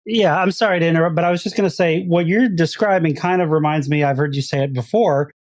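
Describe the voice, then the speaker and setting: A man's voice: a little high, fast talker, dry recording, clean studio sound. Polite hesitant male podcast host. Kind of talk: interview questions.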